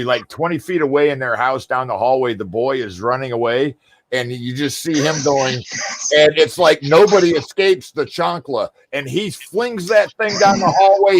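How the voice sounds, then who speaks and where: A man co-hosting a casual chat, telling funny stories with a relaxed manner. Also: fairly high pitch, dry recording. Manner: relaxed, laughing storyteller. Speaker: podcast co-host.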